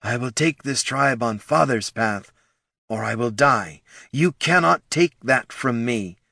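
A man voicing a young orc woman who speaks strong, clear and earnest. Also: medium pitch, expressive, measured pace, pushed and bright, dry recording, studio quality, pitched above the performer's own voice, heavily acted. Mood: steady resolve. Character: young wounded orc woman, proud and steadfast.

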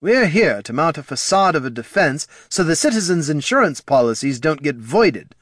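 A man reading out a drunk, bitter knight commander with a higher, raised voice, sneering and worn out, every line dry and sardonic. The voice sounds close and dry, with no room around it, as in a fantasy audiobook. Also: very animated, moderate pace, fairly bright tone, no room sound. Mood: snarling.

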